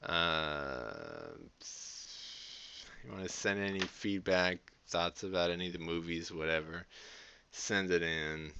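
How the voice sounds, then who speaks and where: Slow-talking creaky-voiced man. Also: deep voice, animated, sharp tone, lo-fi sound, slight background noise. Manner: profane, laughing often, rambling. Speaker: podcast host. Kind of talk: casual rambling monologue.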